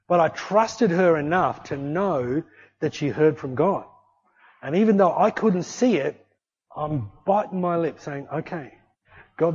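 A man preaching a sermon, telling a story in an animated way and acting out the voices of the people in it. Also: a little high. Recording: dull lo-fi recording.

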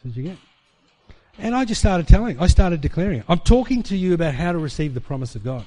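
A man preaching, telling a personal testimony as an animated storyteller who acts out the dialogue. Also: sits high, fast.

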